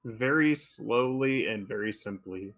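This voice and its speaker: A man's voice: on the low side, a little slow, a bit bright. A man playing a tabletop role-playing game, answering in short, laid-back replies. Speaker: player. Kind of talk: casual tabletop game chat.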